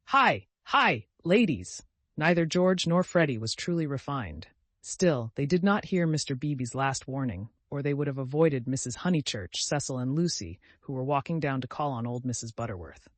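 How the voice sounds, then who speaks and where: A man narrating a classic novel as an audiobook, reading in an expressive storytelling manner. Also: medium pitch, normal speed, no room sound. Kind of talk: scripted narration.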